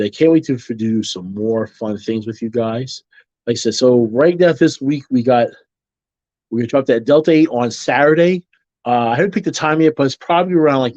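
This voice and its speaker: A man rambles casually to his viewers, circling back on his phrases and getting animated when he jokes. His voice is mid-pitched and sits close and dry in the recording, which sounds a little dull and muffled. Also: no room sound. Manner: rambling, with restarts and repeated phrases; animated when joking, mimics people in quotes. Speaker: vlogger.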